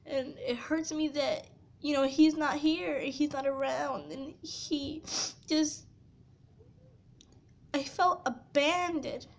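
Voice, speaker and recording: Speaking slowly and pausing often, a young woman with a high voice confesses a painful personal story to camera, tearful and sincere, leaning on "you know" as filler. The audio sounds dull.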